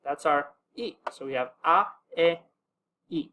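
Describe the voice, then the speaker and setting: A young man teaching a casual video lesson in a relaxed way, with many fillers, slowing down to sound out each example word. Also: on the high side, slight background noise. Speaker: language teacher.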